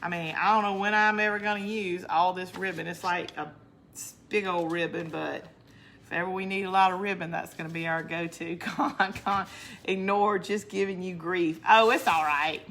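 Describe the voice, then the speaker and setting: A talkative woman from the northern United States, hosting a crafting stream with a slightly low voice. She chats, teases her viewers and laughs often. A faint hum of room noise sits behind her. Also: steady tone, normal speed, fairly bright tone. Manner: chatty, laughs often, talks back to viewer comments. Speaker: crafting channel host. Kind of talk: casual livestream crafting chat.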